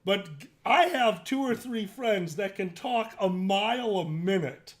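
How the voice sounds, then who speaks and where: A man's voice: high voice, animated, a little slow. A man with a Chicago accent chatting casually as a guest, playful and self-mocking. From Chicago, USA. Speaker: co-host guest. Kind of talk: casual chat on a drinking show.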